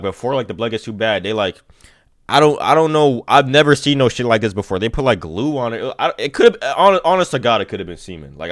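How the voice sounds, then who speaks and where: A man's voice: on the low side, fairly bright tone. A young man streaming to his chat, telling a long story in a rambling, slang-heavy way and repeating "you see what I'm saying.".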